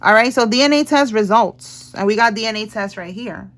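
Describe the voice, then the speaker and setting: A woman's voice: on the high side, fairly quick, a bit bright. Chatty woman giving a slangy tarot reading. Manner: chatty, laughs often, slangy and blunt. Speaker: tarot reader. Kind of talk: casual tarot reading to camera.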